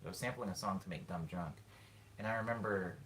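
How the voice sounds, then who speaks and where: A man's voice: sits low, brisk, a little hiss or hum. A man, a musician, chatting casually with his stream viewers and rambling as he thinks aloud with lots of fillers. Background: loud guitar playing.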